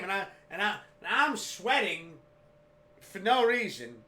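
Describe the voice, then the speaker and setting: A man co-hosting a sports podcast, telling stories in casual chat with loud excited outbursts and swearing. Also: high-pitched, a little slow, pauses often, echoey room. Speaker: podcast co-host.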